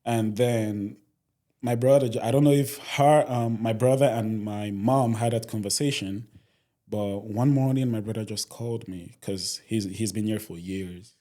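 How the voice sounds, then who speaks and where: A man's voice: fairly low pitch, a little slow, mellow. A young man, a podcast guest telling his story earnestly, often adding "you know". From Nigeria. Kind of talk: casual interview storytelling.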